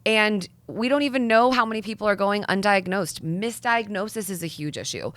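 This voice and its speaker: A woman's voice: mid-range voice, normal speed, dry recording. Earnest young woman, dry close sound. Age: young adult. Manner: earnest, articulate, persuasive. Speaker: guest, nonprofit founder. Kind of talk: sit-down interview conversation.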